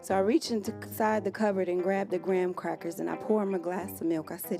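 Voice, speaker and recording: A woman reciting spoken word on a community stage, her voice sitting in an ordinary middle register. She speaks in measured, emphatic rhythms and leaves long pauses between phrases. A guitar plays clearly behind her. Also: mid-range voice, fairly even intonation. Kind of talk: live spoken word poetry. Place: community music venue, live performance. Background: guitar playing.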